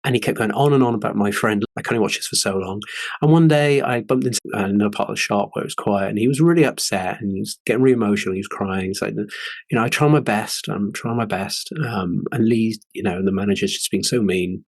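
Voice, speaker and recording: A man's voice: fairly low pitch, fast, vocal fry, no echo. A man in his forties hosting a podcast, telling personal stories in an earnest, candid way. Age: 40s. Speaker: podcast host. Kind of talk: casual podcast chat.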